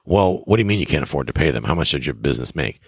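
A middle-aged man with a very deep, husky voice talks through casual advice as a podcast host. He is enthusiastic and emphatic, and his pitch swings widely as he acts out little conversations. The sound is dry and close. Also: animated, very fast, no room sound. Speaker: real estate investor and podcast host.

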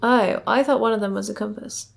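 Woman, podcast co-host, casual episode chat, middle pitch, speculative, trails off. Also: fairly even intonation, fairly quick, creaky. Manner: chatty, speculative, trailing off and laughing often.

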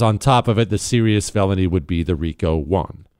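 A man's voice: fairly low pitch, normal speed, darkish tone, clear, resonant tone, dry recording, studio quality. A man hosting a talk radio show, telling stories and news in a casual monologue with sarcastic jokes aimed at his producer. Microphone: studio microphone.

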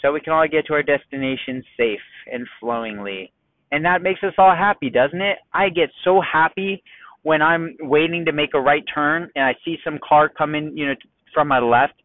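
A man records a casual podcast from his car, working himself into an animated, self-mocking rant. His voice sits a little high. The sound is tinny and phone-like, with no room echo. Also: moderate pace. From United States. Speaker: podcast host. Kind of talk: casual solo podcast monologue.

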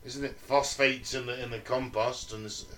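A man's voice: mid-range voice, steady tone, moderate pace, fairly bright tone, far from the mic. A man co-hosting a casual podcast, reading out research and adding joking, sweary asides. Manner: reads research aloud, jokey asides, swears. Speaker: podcast co-host. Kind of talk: reading notes in casual chat.

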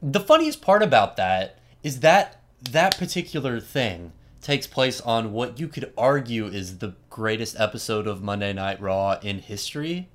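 A man host casually retelling a story, animated and chatty, with frequent asides and fillers. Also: medium pitch, measured pace, hardly any pauses, a little hiss or hum.

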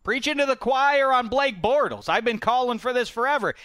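A man hosting a sports talk show in a bright, clear voice, recorded close and dry. He argues with animated swings in pitch and presses his co-host with pointed questions. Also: moderate pace, no echo. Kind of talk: sports radio debate.

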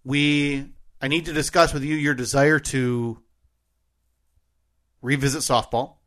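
A man's voice: medium pitch, flat delivery, a little slow, a bit bright. A man co-hosting a podcast in casual chat, earnest and self-deprecating. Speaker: podcast co-host.

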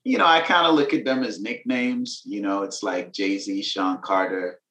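A man with a lilt, a musician and author, chatting casually in an interview with relaxed slang. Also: on the low side, normal speed, echoey room. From Venezuela. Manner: relaxed, laid-back slang, laughs between thoughts.

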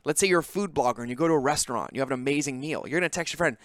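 A man's voice: on the high side, very fast, few pauses, a bit bright, no room sound, studio quality. Emphatic man hosting a business podcast. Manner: direct, coaching, rising emphatic delivery. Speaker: podcast host. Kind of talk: motivational business monologue.

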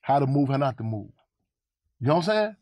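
Interview guest from Chicago: quick, restless storyteller, repeats words, swears freely, sits dry and close on the mic. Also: male voice, medium pitch, no echo. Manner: rambling, repeats words, profane, animated.

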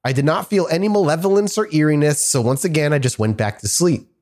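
A man's voice: fairly high pitch, fast talker. A man co-hosting a podcast, reading listener stories aloud and laughing often in casual chat. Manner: giggly, animated reader. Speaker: podcast co-host.

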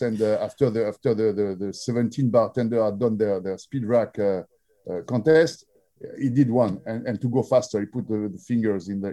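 A man with a French accent recounts stories for an interviewer. His voice is very dark and mellow. He hesitates constantly, filling gaps with "uh" and circling back to restart his phrases. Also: lowish voice. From France. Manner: halting, many fillers and restarts. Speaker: drinks brand founder. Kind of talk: interview storytelling.

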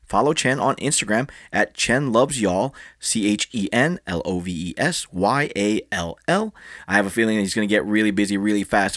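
A man hosting a podcast interview, upbeat and quick to laugh. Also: fairly low pitch, a bit bright, dry recording, clean studio sound. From Filipino background. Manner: upbeat, friendly, laughs easily. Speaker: podcast host. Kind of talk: casual interview.

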